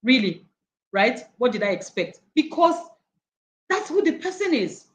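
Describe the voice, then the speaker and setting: A woman's voice: on the high side, very animated, a little slow, reverberant, rough recording. A middle-aged woman coaching a study group on Proverbs, acting out quoted voices and laughing often. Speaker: coach leading a daily wisdom study. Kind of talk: teaching talk on Proverbs.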